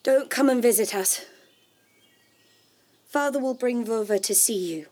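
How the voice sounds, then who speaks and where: Hurt young wife, radio drama, high voice, slow, tearful, reproachful, dry studio. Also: female voice, darkish tone, no room sound. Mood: bitter. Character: wounded devoted young wife and mother.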